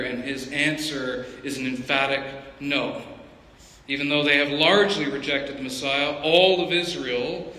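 Animated pastor, bright voice, echoey hall. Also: male voice, on the high side. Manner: animated, conversational, with asides. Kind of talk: expository sermon. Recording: echoey hall with long reverb.

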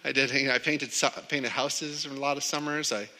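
A man's voice: mid-range voice, steady tone, a little fast, sharp tone. A man preaching a sermon in a conversational way, often repeating words as he starts a sentence. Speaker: pastor. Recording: long hall reverb.

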